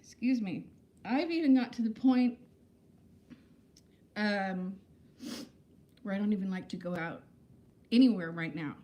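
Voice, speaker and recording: A woman's voice: mid-range voice, unhurried, pauses often, muffled recording. A woman in her fifties, chatting candidly and self-deprecatingly to viewers on a casual livestream from her home, greeting them by name. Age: 50s. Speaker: livestream host. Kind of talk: casual live-stream chat.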